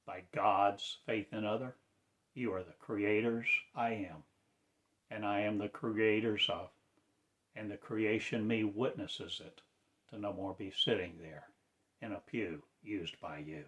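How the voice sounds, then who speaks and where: A man preaching in a slow, declamatory way, with sudden loud rises in his voice. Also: fairly low pitch. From United States. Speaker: self-styled spiritual teacher. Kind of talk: impassioned preaching.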